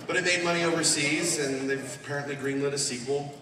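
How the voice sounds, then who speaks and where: A man speaking as a guest on a convention panel, animated and laughing often as he answers fan questions. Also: on the high side, moderate pace, very noisy. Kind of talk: live Q&A panel. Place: large convention hall. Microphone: far recording from the audience. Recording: echoey hall recorded from far off, crowd.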